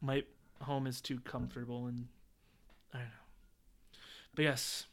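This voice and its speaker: His voice is medium in pitch and a little slow. He's a co-host on a podcast, chatting casually in an animated, joking manner and acting out lines from movies.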